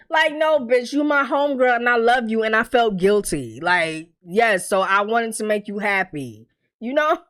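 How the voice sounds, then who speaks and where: A woman's voice: a little high, normal speed. A woman recapping a TV episode in casual, opinionated talk, blunt and profane, speaking straight to her viewers and laughing often. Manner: blunt, profane, animated, addresses viewers directly; laughs often while talking. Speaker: TV recap reviewer.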